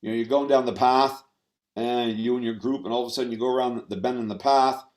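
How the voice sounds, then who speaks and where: A man giving a talk on stress management to an audience, halting and full of fillers and restarts. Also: mid-range voice, fairly even intonation, a little mellow. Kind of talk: presentation talk. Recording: roomy echo.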